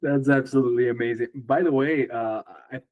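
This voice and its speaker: A man with a medium-pitched voice hosts the interview and speaks as an eager fan. He laughs easily with his guest. The recording is close and dry. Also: steady tone, fairly quick, a little mellow, no room sound. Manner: enthusiastic fan, laughs along. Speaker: podcast host. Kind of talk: casual interview chat.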